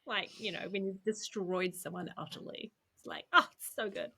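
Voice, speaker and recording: Woman, author guest, casual podcast chat, gravelly, self-deprecating, laughing. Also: mid-range voice, steady tone, normal speed, pushed and bright.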